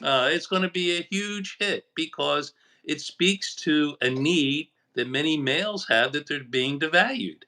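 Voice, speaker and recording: A man speaking as a guest in a political chat, measured and a little hesitant. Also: a little high, expressive, sharp tone, rough recording. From United States. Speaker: guest commentator.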